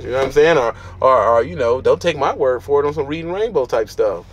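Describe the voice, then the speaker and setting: Blunt, lively trucker man. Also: medium pitch, fast talker, lo-fi sound, a little hiss or hum. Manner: blunt, preachy, street slang. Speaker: trucker vlogger. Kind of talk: blunt advice monologue.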